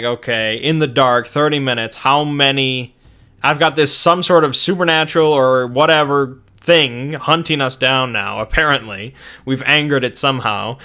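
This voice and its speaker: A man's voice: mid-range voice, pushed and bright, smooth. A young man recounting a tabletop game session in a rambling way, with many fillers and restarts.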